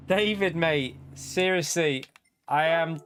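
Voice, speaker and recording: A man's voice: fairly high pitch, fairly bright tone. A man in his thirties commentating casually on his racing game live stream, often repeating and exclaiming. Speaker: gaming streamer. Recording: noisy background with car sounds.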